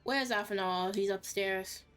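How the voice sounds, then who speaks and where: A woman's voice: medium pitch, unhurried, fairly bright tone, smooth, faint music behind. Swearing, chatty woman streamer. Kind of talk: casual gaming stream commentary.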